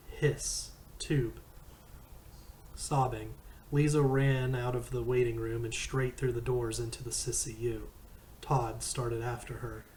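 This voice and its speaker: Male narrator for a read-aloud novel; unhurried, even, faint noise behind. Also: mid-range voice, rough recording. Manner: slow, measured first-person reading. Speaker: audiobook reader.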